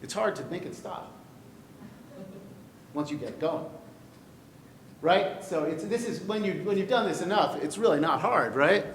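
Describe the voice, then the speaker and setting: A man gives a classroom lecture on verse, joking and quizzing his students as he goes. His voice sits a little high and carries a roomy echo. A faint low rumble runs under the recording. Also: unhurried, long pauses. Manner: lively, jokey, asks the class questions. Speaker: poetry teacher. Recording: echoey room with light rumble.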